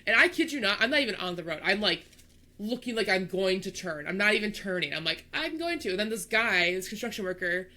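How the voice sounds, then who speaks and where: Young woman podcast co-host, bright tone, animated storyteller. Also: mid-range voice, fast talker. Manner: animated storyteller, acts out voices, laughs. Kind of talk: casual storytelling chat.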